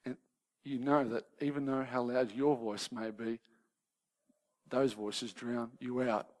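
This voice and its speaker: This preacher speaks slowly in a mid-range voice, keeping his sermon conversational and regularly checking in with those listening. Lively banter gives way at times to soft, solemn questions.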